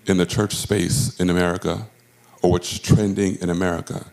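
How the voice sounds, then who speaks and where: A male pastor preaching a sermon, with emphatic delivery that swings between high, drawn-out phrases and low, quiet ones. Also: steady tone, gravelly. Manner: emphatic preaching with wide swings in pitch and loudness. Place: church sanctuary. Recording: roomy church echo.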